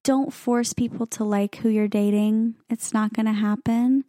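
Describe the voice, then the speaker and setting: A woman's voice: a little high, steady tone, a little slow, mellow, dry recording, clean studio sound. A young woman co-hosting a podcast, chatting casually with plenty of fillers and laughs. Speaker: podcast co-host. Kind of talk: casual chat.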